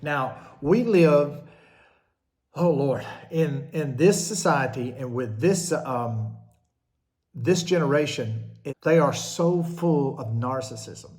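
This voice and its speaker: A man's voice: mid-range voice, slow, darkish tone, soft background music. A middle-aged man who is a minister, talking casually in a rambling, jokey monologue that keeps getting sidetracked and is full of fillers. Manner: chatty, jokey, easily sidetracked, many fillers. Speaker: minister hosting a show.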